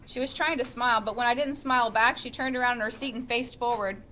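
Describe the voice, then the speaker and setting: A woman teacher reading a novel aloud to her class with steady storytelling and chatty asides to the students. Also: fairly high pitch, fast, few pauses, a little hiss or hum.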